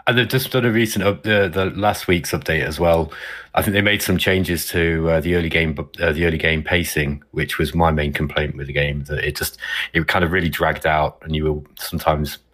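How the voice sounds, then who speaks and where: A man co-hosting a gaming podcast in a casual chat, speaking in a thoughtful, measured way and often correcting himself mid-sentence. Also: extremely low pitch, steady tone, fairly bright tone. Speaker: podcast co-host.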